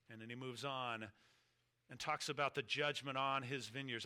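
Bright-voiced male preacher, emphatic. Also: mid-range voice, fairly even intonation, clear, resonant tone. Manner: emphatic, deliberate preaching with slowed stressed phrases. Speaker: pastor. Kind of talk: sermon.

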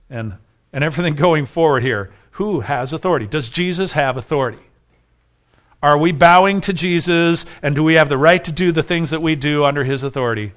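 A man's voice: on the high side, fairly bright tone. A man preaching a sermon, asking rhetorical questions and building to emphatic peaks. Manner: voices the accusers with sharper, raised delivery. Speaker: pastor.

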